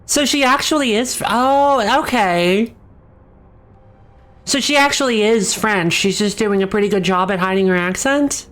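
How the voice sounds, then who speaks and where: A woman's voice: medium pitch, measured pace, fairly bright tone. A young woman streaming a game, chatting casually, laughing often and reading the on-screen text aloud. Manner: chatty, giggly, self-correcting.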